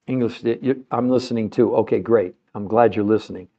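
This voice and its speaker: A man's voice: on the low side, a little fast, warm tone, highs cut off. A man hosting a live-streamed podcast, passionate and emotional as he talks straight to his viewers and asks them questions. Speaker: podcast host.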